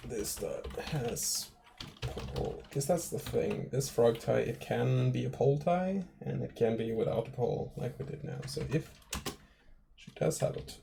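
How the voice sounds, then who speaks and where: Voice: mid-range voice, background noise. A game developer on a casual stream, thinking aloud while working at the computer. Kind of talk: casual dev stream chat. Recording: clear background music.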